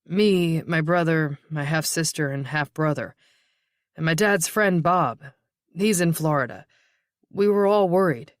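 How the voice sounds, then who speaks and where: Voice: medium pitch, a little slow, no room sound, studio quality, natural voice. Narrator voicing a grieving young man. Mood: strained. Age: 20s. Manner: quiet, shaky, tired replies.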